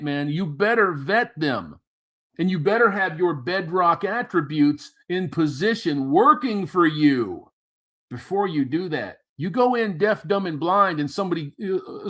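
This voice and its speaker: A man's voice: a little high, a bit bright. A man ranting crudely with heavy profanity while commenting on videos he plays. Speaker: commentary streamer. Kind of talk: casual reaction commentary.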